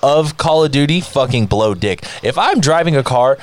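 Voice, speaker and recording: A man co-hosting a casual gaming podcast, telling stories in a profane, animated way. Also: medium pitch, normal speed, a little hiss or hum. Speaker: podcast co-host.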